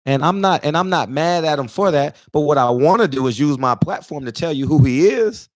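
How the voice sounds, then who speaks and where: A man's voice: fairly high pitch, expressive, fairly quick, dry recording, studio quality. A man in his forties, emotional and near tears, delivering an emphatic, preachy casual monologue that repeats points for emphasis. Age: 40s. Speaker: barbershop talk show regular.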